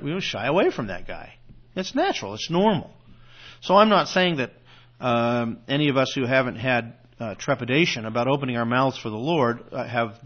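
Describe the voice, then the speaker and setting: Man giving a rambling Bible teaching. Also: mid-range voice. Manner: conversational, with frequent fillers and restarts. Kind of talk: teaching sermon. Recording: dull, lo-fi sound.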